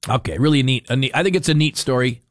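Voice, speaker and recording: Radio host guy rambling and chuckling thru the news, dry close sound, middle pitch. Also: fast talker, no echo. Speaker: radio talk show host. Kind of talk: casual talk radio commentary.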